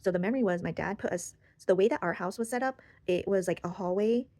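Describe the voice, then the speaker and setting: A young woman talks through a personal story in a rambling, casual way, with lots of fillers and restarts. Her pitch sits in the middle and she moves along quickly. The sound is close and dry, with no room echo. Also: darkish tone. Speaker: channel host.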